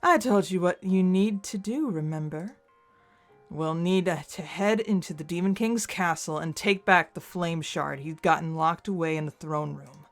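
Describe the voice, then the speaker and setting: A woman voicing a laid-back, cunning young exiled devil prince in a game, speaking lower and quieter. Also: moderate pace, faint music behind, natural voice. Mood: scheming. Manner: lowered, quiet, teasing delivery.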